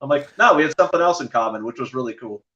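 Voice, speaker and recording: A man's voice: mid-range voice, animated, racing, bright, forceful tone. Man telling stories over a muffled echoey line. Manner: rambling, many fillers and restarts. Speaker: podcast guest. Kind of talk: casual storytelling chat.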